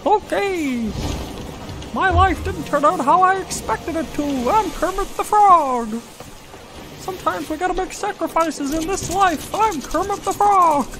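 A man doing an impression of a weary, downtrodden male frog puppet, with a squeezed, quiet throaty voice and a Midwestern tinge. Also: very high voice, a little slow, voice pushed up, rough recording. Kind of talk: impression during a game stream. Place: home room.

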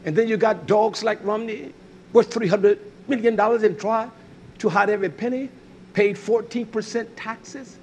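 A male preacher giving a fiery sermon, swinging between loud outbursts and low muttering, repeating phrases and crying hallelujah. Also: steady tone, normal speed, slight background noise.

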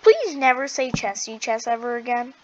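A woman chatting casually while playing a video game, excitable and giggly, gasping and stammering as she goes. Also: fairly high pitch, moderate pace, lo-fi sound. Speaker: gaming video host. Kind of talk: casual gameplay chat.

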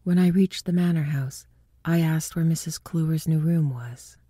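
A woman narrating a ghost story from a script in a hushed, breathy delivery that often drops to a whisper. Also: low voice, measured pace, no echo.

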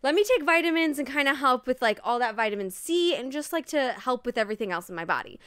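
Young woman, podcast co-host, casual chat, giggly storyteller, lively pitch, dry sound. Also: quick pace, smooth, dry recording. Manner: animated storytelling, giggly, says "like" often.

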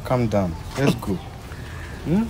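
A Nigerian man gently reassuring his mother over and over, leading her to a surprise. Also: medium pitch, big pitch swings, slow pace, background noise. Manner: soothing, repeats reassurances.

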